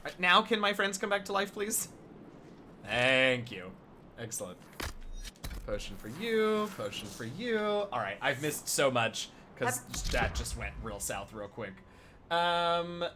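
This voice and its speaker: A woman streaming a game, chatting casually and breaking into excited exclamations and laughter. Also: extremely low pitch, slow. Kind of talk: casual live-stream commentary. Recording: loud background noise.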